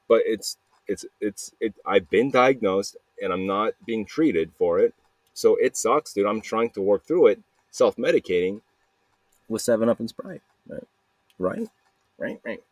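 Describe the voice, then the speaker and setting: A young man from Arizona, slightly hoarse from yelling, talking alone in a rambling, restless, jokey way, with many restarts. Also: lowish voice, expressive, normal speed, dry recording. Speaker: podcast host. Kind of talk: rambling solo voice memo.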